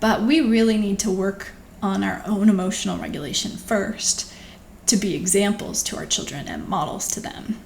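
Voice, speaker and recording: Woman host, reflective coaching talk, mid pitch, recorded in an echoey room. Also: normal speed, vocal fry. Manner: thoughtful, conversational, gently coaching. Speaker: physician hosting her own video channel. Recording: echoey room with faint background noise.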